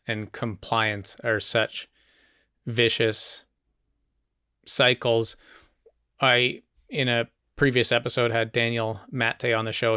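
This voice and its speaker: A man's voice: mid-range voice, pushed and bright, clean tone, dry recording, clean studio sound. A man hosting a podcast interview, reflective and thinking aloud with small hedges. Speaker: podcast host. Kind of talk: conversational interview.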